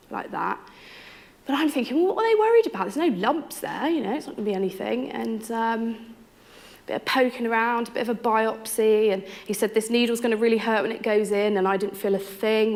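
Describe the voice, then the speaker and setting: A woman's voice: medium pitch, vocal fry. Candid young mum telling her story. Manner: candid, frank, lively quoting of others and herself. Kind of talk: personal storytelling.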